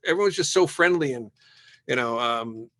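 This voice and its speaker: A man's voice: mid-range voice, moderate pace. A man, a musician guest on a podcast, telling stories in casual conversation and acting out the voices of people he quotes. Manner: animated storyteller, acts out quoted voices.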